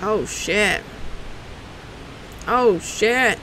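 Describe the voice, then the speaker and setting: A woman's voice: medium pitch, extremely slow, a bit bright, a little hiss or hum, low-quality recording. A woman livestreaming a video game, reacting with curses and chatting to her viewers. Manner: profane, reactive, talks to chat. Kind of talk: casual live gameplay commentary.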